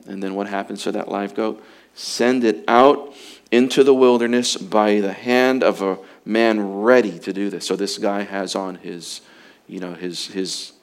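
A man preaching a sermon in an earnest way, slowing and rising for emphasis, then dropping low and quiet. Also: steady tone. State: emotional, fighting to get through.

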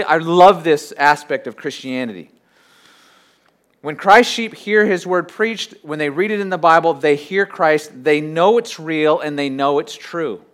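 A pastor preaching a sermon, swinging between loud emphasis and quiet, low asides. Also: male voice.

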